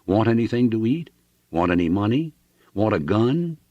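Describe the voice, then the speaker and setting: A man voicing a gruff, hot-tempered male ranch owner who barks blunt orders. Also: on the low side, big pitch swings, moderate pace, mellow, no room sound, highs cut off, pitched above the performer's own voice. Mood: urgent.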